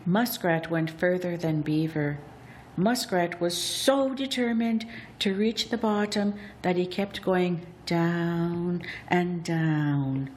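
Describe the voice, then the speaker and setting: Slow, deliberate woman storyteller. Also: lowish voice, a little hiss or hum. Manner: deliberate, expressive, drawn-out phrasing. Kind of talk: storybook narration of a legend.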